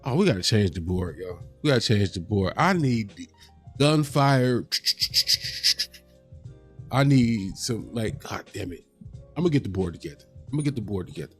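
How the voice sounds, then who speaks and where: A man hosting a casual reaction livestream, animated and profane, talking straight to his chat. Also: lowish voice, quick pace, soft background music. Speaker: livestream host.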